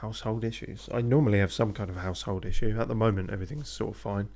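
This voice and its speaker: A man with a fairly low voice casually narrates his game on a live stream. His tone is offhand, with mumbled asides and the occasional swear word. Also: steady tone, quick pace, darkish tone.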